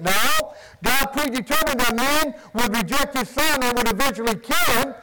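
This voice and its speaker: A man's voice: extremely high pitch, normal speed, hardly any pauses, poor audio. A man preaching a sermon with emphasis, posing questions and answering them himself. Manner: emphatic, asks and answers his own questions.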